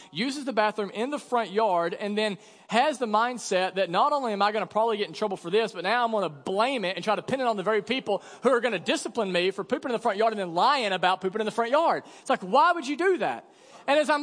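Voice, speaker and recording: A man in his thirties delivers a sermon with a notably high voice. He tells stories in an animated, expressive way that swells into loud exasperation. His voice rings out with the long reverb of a church sanctuary. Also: fairly quick. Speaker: pastor.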